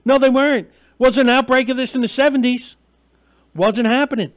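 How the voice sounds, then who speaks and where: A man rants through a live-stream monologue, profane and mocking, swinging between loud heated outbursts and easy asides to viewers. His voice sits very high for a man. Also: normal speed. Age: 40s. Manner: ranting, profane, mocking and emphatic; gets loud and heated, then drops back to chatting with viewers. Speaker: host of a live online show.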